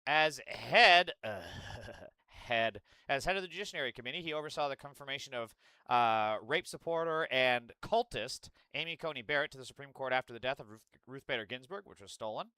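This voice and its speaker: A man's voice: medium pitch, animated, brisk, sharp tone, clean tone, no echo. A young man from the United States doing casual reaction commentary, reading news aloud and ranting with profane sarcasm. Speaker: political commentator.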